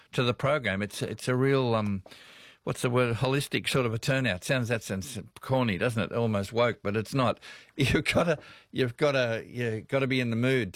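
A man's voice: mid-range voice, no room sound. A man with an Australian accent hosting a radio show, telling rambling stories and chuckling as he talks with callers. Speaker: radio host. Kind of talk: casual radio chat.

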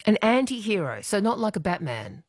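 A woman's voice: mid-range voice, big pitch swings, normal speed, dry recording, clean studio sound. A woman hosting a casual radio chat, playfully quizzing her guest. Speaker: radio host.

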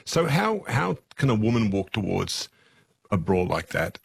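A man asks measured, probing interview questions in a very low, husky voice. The sound is dry and close, with no room around it. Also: big pitch swings, no echo.

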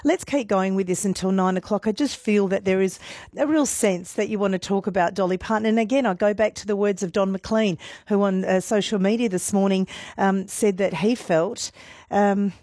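A woman hosts breakfast talk radio in a chatty, emotional way. Her voice sits at a middle pitch, recorded dry and close with no room sound. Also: moderate pace, a little mellow, no room sound. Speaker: radio host.

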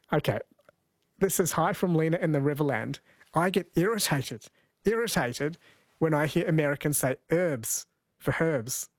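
Higher-voiced talk radio host, dry sound. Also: male voice, no room sound. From New Zealand. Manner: chatty, reads listener texts aloud. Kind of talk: casual live radio chat. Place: radio studio.

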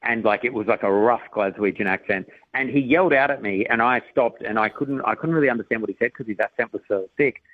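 A man's voice: medium pitch, quick pace, few pauses, narrow, tinny audio. A man who is a comedian, telling rambling anecdotes on a radio interview and prone to giggling. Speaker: comedian guest.

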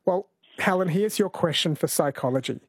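Guy running a radio quiz, kinda high voice, super dry sound, chatty and laughy. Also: expressive, moderate pace, breathy edge, no room sound. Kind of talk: casual radio chat.

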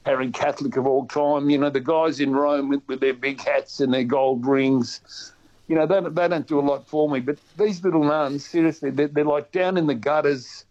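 Aussie bloke yarning away on radio, bit high voiced, lots of restarts, muffled lo-fi audio. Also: male voice, moderate pace. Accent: Australian. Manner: chatty and animated, with many restarts. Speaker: guest. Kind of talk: casual radio chat. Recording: dull lo-fi sound.

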